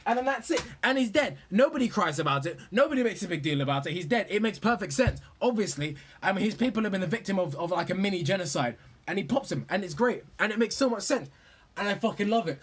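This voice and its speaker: Young vlogger, husky, raised pitch, profane and rambling casual rant. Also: male voice, animated, fast talker. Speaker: movie vlogger. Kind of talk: casual ranting commentary.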